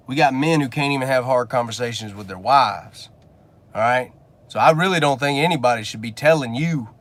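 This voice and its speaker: A man's voice: mid-range voice, fairly bright tone. A man giving a blunt, preachy motivational rant from his car, swearing casually as he talks to his viewers. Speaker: business coach and channel host.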